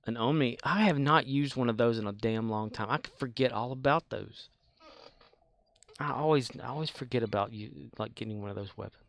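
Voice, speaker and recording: A man's voice: mid-range voice, fairly quick, gravelly. A man casually chatting while he streams a space game, laughing often and answering his chat.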